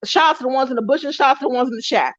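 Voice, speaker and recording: A woman's voice: high voice, very fast, dry recording, dull audio. Heated woman ranting on a livestream. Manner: heated, repetitive, profane ranting. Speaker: live-stream vlogger. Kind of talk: angry ranting live stream.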